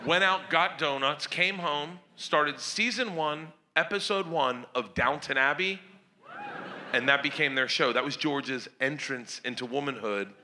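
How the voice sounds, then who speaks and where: A middle-aged man doing stand-up, telling a crude, animated story about his daughters. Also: a little high, unhurried, a little hiss or hum. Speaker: stand-up comedian.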